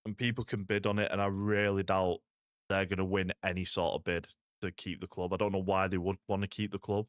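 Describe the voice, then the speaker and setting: Casual stream chat comes from a young Salford streamer, relaxed and leaning on "like" and "mate" as he plays and talks to viewers. He's low-pitched and level in tone, moving at a brisk clip. The recording is dry, with clean studio sound.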